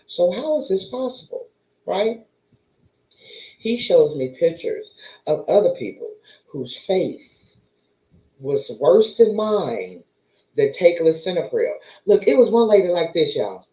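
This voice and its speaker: A woman tells a story in a lively, animated way, her pitch leaping up and down as she acts out each person in it. Her voice sits in a mellow, darker tone. The sound is roomy, with a noticeable echo around her. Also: slow, pauses often. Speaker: vlogger. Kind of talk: casual storytime chat.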